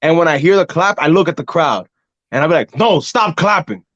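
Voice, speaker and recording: Animated man with a raised, dull-toned voice. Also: a little high, fast, no room sound. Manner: animated storytelling, acts out crowd and ring voices. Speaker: podcast host and pro wrestler. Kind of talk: casual conversation.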